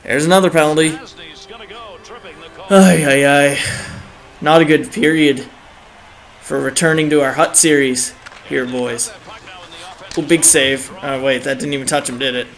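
A young man giving excitable live commentary on his own video game match, groaning and cheering at each play, his throat a bit dry. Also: a little high, unhurried, pauses often. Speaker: gaming channel host.

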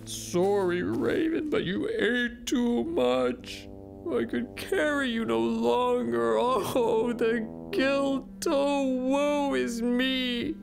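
A man's voice: high voice, sing-song, vocal fry, music in the background, pitched above the performer's own voice, exaggerated voice. A man voicing a proud male eagle who wails and sobs in exaggerated self-pity. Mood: mock grief. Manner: wailing, drawn-out theatrical sobbing.

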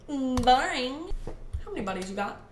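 Young female vlogger, playful and amused, mid-range voice, echoey room recording with clear background noise. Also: mid-range voice, unhurried. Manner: playful, giggly, reads chatbot replies aloud. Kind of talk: casual comedic commentary.

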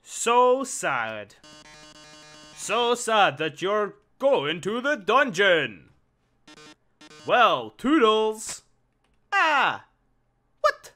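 A man voicing a flamboyant male robot game-show host with a melodramatic, drawn-out sarcastic delivery. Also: high-pitched, sing-song, sharp tone, faint music behind, exaggerated voice. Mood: mock-tragic.

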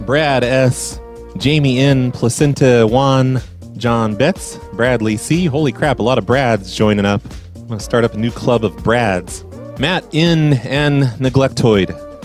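A man hosting a podcast, reading the sponsors and supporters in a sarcastic, profane, deadpan way. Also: medium pitch. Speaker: podcast host. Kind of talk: casual podcast intro.

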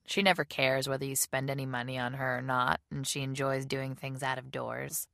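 A woman reading out a young male college student in a storybook, easygoing and offhand. The voice sits low with a gravelly edge. The sound is dry and close. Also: level tone, normal speed, a bit bright, no room sound, full character voice.

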